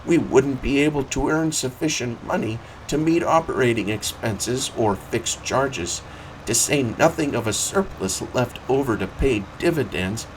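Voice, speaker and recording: A man reading aloud, voicing a calm, smooth-talking railroad agent who placates farmers. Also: medium pitch, measured pace, distant mic, slight background noise, voice pushed up, lightly acted, low-quality recording.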